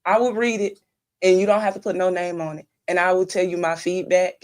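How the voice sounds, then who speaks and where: A woman's voice: lowish voice, fairly even intonation, a little fast, a little mellow. A young woman mentoring kids, talking earnestly in a casual conversation and telling stories with quoted advice. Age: young adult.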